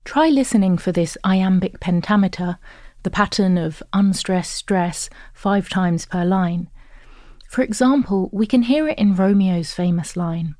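Mellow woman narrating a course. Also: on the low side, a little slow, dry recording, studio quality. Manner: clear, even, instructive. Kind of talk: scripted narration.

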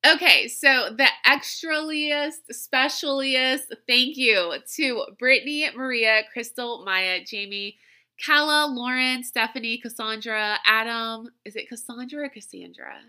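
Female podcast host, very bright tone, casual rambling monologue with frequent laughs. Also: on the high side, measured pace, smooth. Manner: chatty, rambling, laughs often.

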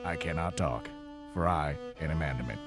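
A man voicing a talking volleyball stuck with a castaway, slow, flat and mock-solemn. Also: very deep voice, music in the background, pitched below the performer's own voice. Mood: deadpan.

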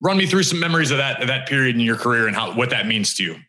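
An easygoing male interviewer prompts his guest with questions and chats about shared memories. His voice is very bright and cutting, at an ordinary male pitch. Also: lively intonation, rapid-fire. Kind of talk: casual interview chat.

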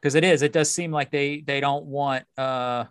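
A man's voice: fairly high pitch, fairly even intonation, moderate pace, clear, resonant tone, no room sound, clean studio sound. A man co-hosting a casual podcast, chatty and griping, often restarting and repeating words. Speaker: podcast co-host.

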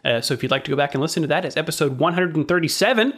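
A man's voice: on the high side, animated, rapid-fire, fairly bright tone. A man co-hosting a podcast, reading the welcome and sponsor notes and trading dry quips. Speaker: podcast co-host. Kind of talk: casual chat with scripted intro.

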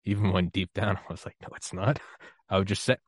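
Man, deep voice, from the United States, podcast host, casual rambling talk, frequent laughter, dry room. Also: brisk, no echo. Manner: rambling, loose and self-deprecating, laughs often. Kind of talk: casual conversational interview.

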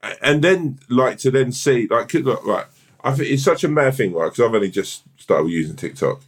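A man's voice: mid-range voice, animated, moderate pace, breathy edge. A man co-hosting a podcast in casual chat, rambling and swearing often with lots of restarts. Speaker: podcast co-host.

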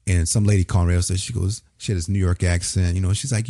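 A man from Springfield, Illinois, telling a lively story in casual talk and acting out the voices of the people in it. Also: sits low, fast talker, few pauses, no room sound, studio quality. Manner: animated storyteller, acts out quoted voices. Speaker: podcast guest.

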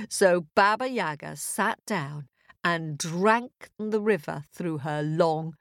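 A woman storyteller narrating a fairy tale for children, expressive and with chanted sound effects. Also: fairly low pitch, slow pace, gravelly, dry recording, studio quality.

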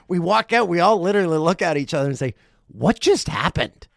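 A man in his forties, a podcast host telling a story casually, animated and profane. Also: high voice, fast, gravelly, no room sound, clean studio sound. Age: 40s.

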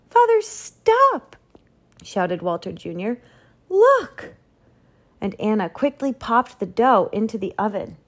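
A woman reading a picture book aloud in a slow, expressive storytelling manner. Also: on the low side.

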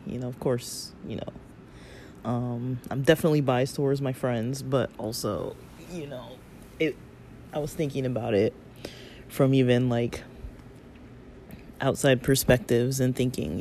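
Slow, hoarse man musing to viewers. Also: medium pitch, darkish tone. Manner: rambling, lots of fillers, loses his thread. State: hoarse, throat-clearing. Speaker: vlogger. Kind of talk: casual reflective talk to viewers. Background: faint fan hum.

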